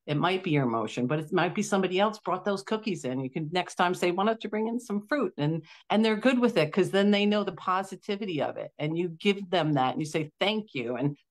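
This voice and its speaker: Enthusiastic low-voiced middle-aged woman. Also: expressive, a little fast, few pauses. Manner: enthusiastic, acts out quoted voices in her stories. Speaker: client guest. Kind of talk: candid testimonial chat.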